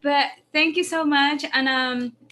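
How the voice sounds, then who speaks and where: A woman's voice: high voice, fairly even intonation, a little slow, bright, forceful tone. A woman on a video call from her home kitchen, hesitantly thanking the reader. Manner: grateful, hesitant, repeats thanks. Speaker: webinar participant. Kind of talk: casual chat on a video call.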